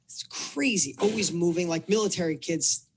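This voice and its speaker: A middle-aged man, a coach, telling a personal story in a casual interview, animated and acting out the dialogue. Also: high-pitched, moderate pace, a little hiss or hum. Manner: animated storyteller, acts out dialogue, repeats words. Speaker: business and fitness coach telling his story.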